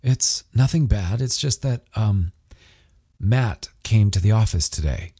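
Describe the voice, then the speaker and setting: A man's voice: lowish voice, lively intonation, unhurried, mellow, slightly rough, heavily acted. A man voicing a nervous young man. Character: nervous young man, joking then tense. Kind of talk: audiobook character voice.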